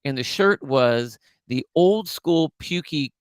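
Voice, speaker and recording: A man's voice: a little high, expressive, slow pace, clear, resonant tone, no echo. A middle-aged man co-hosting a podcast, rambling through an old memory in casual chat with frequent restarts. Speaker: podcast co-host.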